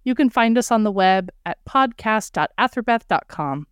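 A woman's voice: a little high, lively intonation, normal speed, clean tone, dry recording, clean studio sound. A woman hosting a podcast in a casual, effusive way, gushing with thanks and laughing easily. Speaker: podcast host.

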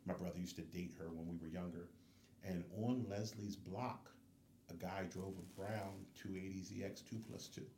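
A man telling a personal story in casual conversation as a podcast guest, animated and acting out the people he quotes. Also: sits low, normal speed, echoey room, slight background noise. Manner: lively storyteller who acts out the voices of people he quotes.

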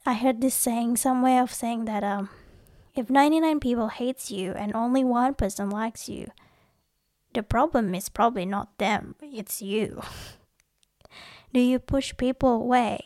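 A woman's voice: on the high side, unhurried, darkish tone, dry recording, clean studio sound. A young woman talking casually to her viewers, chatty and giggly, often acting out little scenes. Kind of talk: casual personal talk to viewers.

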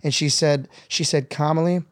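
A man's voice: fairly high pitch, moderate pace, dry recording. Earnest man, dry close sound. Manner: earnest, builds to excited bursts with laughter. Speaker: guest. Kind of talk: conversational storytelling.

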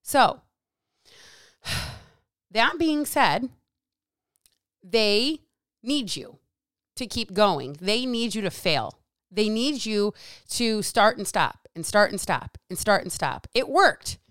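A woman's voice: medium pitch, very animated, slow, long pauses, a bit bright, smooth, no room sound, clean studio sound. A middle-aged woman hosting a solo podcast as a diet coach, talking bluntly and sarcastically with plenty of swearing. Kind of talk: casual solo podcast rant.

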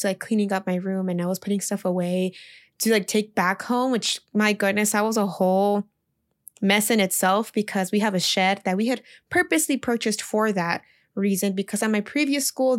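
A young woman, a teacher, casually telling a personal story in a chatty way, full of "like" and quoted speech. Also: medium pitch. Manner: chatty, heavy use of "like", emotional retelling. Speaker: teacher leaving her job.

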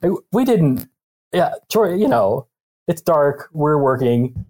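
A middle-aged man, a visual effects artist, telling stories as a podcast guest, halting with fillers. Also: a little high, big pitch swings, darkish tone. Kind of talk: casual chat.

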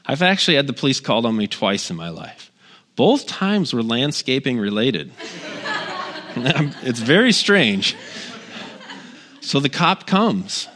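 A middle-aged pastor giving a casual, conversational sermon, telling personal stories with wry humor and lots of asides. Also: male voice, medium pitch, a bit bright, slight background noise.

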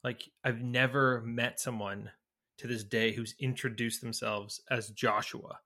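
Male podcast co-host, bright voice, curious and insistent. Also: mid-range voice, steady tone, a little slow. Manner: curious, presses the point, asks questions. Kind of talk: casual chat.

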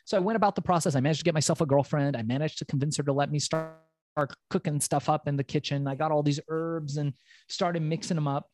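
A middle-aged man, a podcast guest, telling his own story in an animated way, swearing freely and acting out the voices of people he quotes. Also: a little high, fast talker, no echo.

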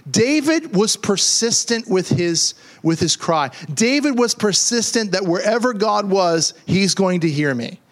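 A man's voice: high-pitched, expressive, a little slow, hardly any pauses. A middle-aged man preaching a sermon as pastor, conversational and joking, often repeating words as he builds a point.

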